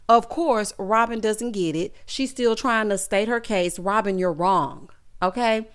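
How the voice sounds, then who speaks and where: A woman's voice: mid-range voice, measured pace, clean tone. A woman recapping a reality show in casual, sassy commentary, acting out the cast's lines. She is just getting over being sick. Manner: sassy, animated, acts out quotes of cast members. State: recovering from illness. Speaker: recap vlogger.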